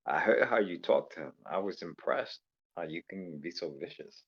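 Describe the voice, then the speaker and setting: A man's voice: deep voice, lively intonation, normal speed, gravelly, breathy edge, muffled recording. A man from Louisiana calling in to a stream, joking and rambling with lots of fillers. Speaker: caller. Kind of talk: casual call-in chat. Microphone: voice call microphone.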